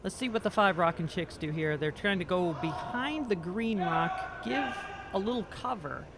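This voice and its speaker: Guy calling a local curling match, high voice that jumps all over, jokey and rambling, bit of hiss behind. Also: animated, moderate pace, vocal fry. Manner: joking, self-deprecating, stumbles over names. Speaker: curling commentator. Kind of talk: amateur sports commentary. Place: curling rink.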